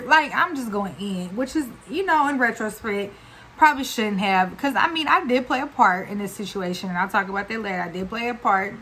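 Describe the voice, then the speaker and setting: A woman tells a story to her camera at home. Her voice sits at a middle pitch, and her talk is chatty and slangy, full of fillers and run-on asides. A faint steady noise sits under the voice. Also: normal speed, poor audio. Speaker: vlogger. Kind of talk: casual storytime.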